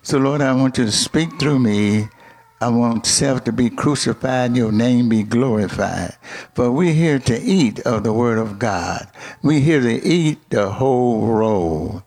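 A man preaching a sermon, with call-and-response and sudden high emphatic peaks. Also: lively intonation, a little slow, a little mellow.

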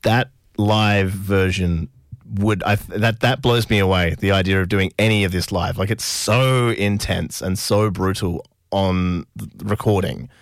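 A man's voice: deep voice, steady tone, measured pace, no echo, clean studio sound. A man hosting a casual interview, enthusiastic and sweary, full of restarts. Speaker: podcast host.

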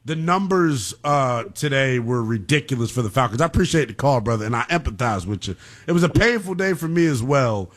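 A man hosting a late-night call-in sports radio show in a brash, slangy, animated way from the studio. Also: mid-range voice, a little fast.

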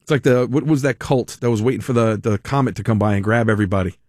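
A man's voice: mid-range voice, fairly even intonation, fast, darkish tone, dry recording, clean studio sound. A man hosting a talk radio show, delivering a sarcastic, mocking monologue with frequent laughs.

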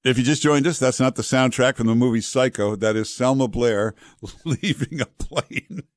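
A man guest-hosting a talk radio show, joking loosely and filling pauses with "uh". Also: mid-range voice, background noise. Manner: joking, loose, with many "uh" fillers. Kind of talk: casual talk radio banter.

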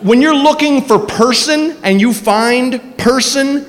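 A male stand-up comedian telling a story in an animated, laughing way. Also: very high-pitched, slow pace, big-room sound.

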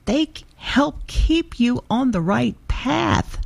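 A woman's voice: sits high, takes it slowly, vocal fry, husky. A woman giving a short radio devotional in a conversational way with playful asides. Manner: expressive, conversational with asides and little laughs. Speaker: devotional speaker.

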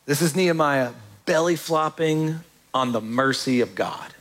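A man preaching a sermon in an animated, conversational way, with quick asides to the congregation. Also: on the high side. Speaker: pastor.

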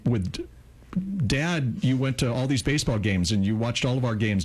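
Older guy on a radio show, husky voice, heartfelt, pitch jumps all over. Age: 60s. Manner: heartfelt, slows down for emphasis; acts out quoted lines in a higher voice. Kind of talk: storytelling on a talk show.

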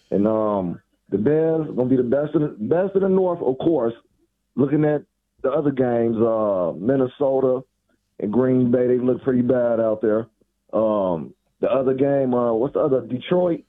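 A man calling in to a sports radio show, chatty and relaxed with casual slang. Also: medium pitch. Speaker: caller. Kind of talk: call-in chat. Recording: tinny phone line.

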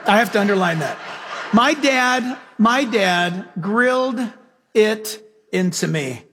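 A middle-aged pastor with a high, husky voice preaches in an animated way. He swings from loud to hushed as he tells his stories. The long reverb of a big sanctuary trails after every phrase. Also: takes it slowly. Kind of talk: sermon.

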